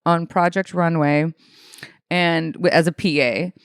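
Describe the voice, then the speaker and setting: A woman's voice: low voice, a little slow, smooth, dry recording, clean studio sound. A young woman from Alaska, a comedian, telling stories casually in an interview, swearing often and acting out what people said. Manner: animated, swearing, acts out quotes in other voices. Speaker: comedian guest.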